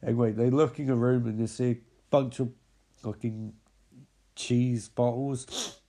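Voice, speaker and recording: A man's voice: medium pitch, fairly even intonation, a little slow, mellow. A man giving a mocking, profane recap of a zombie film with lots of exclamations. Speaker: film commentator.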